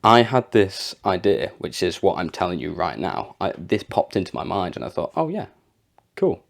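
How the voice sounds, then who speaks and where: Gravelly low-voiced young man. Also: expressive, normal speed. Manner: rambling and chatty, with frequent fillers and laughs. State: sore throat, coughing. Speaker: vlogger. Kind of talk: casual motivational talk to camera.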